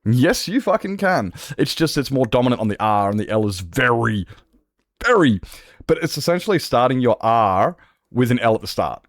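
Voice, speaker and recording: A man's voice: mid-range voice, lively intonation, a little fast, no echo, studio quality. A man with an Australian accent chatting casually on a livestream, rambling and swearing freely. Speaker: Minecraft streamer.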